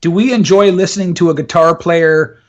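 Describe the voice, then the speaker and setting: Upbeat male voice coach, slightly high. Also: fairly even intonation, a little fast, dull audio. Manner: enthusiastic, laughs often, demonstrates with his voice. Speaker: voice and communication coach. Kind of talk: interview, explaining techniques.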